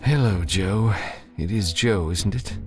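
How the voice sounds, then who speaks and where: A man's voice: slow pace, faint music behind. A man voicing a wary former soldier who keeps his voice level and guarded in an audiobook. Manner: guarded, level, low-key.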